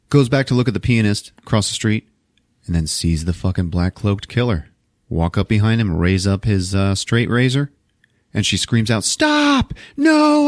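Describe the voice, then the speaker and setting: A man's voice: on the low side, dry recording, studio quality. A man hosting a podcast, casually retelling a movie plot with lots of swearing. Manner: animated, profane storytelling. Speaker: podcast host.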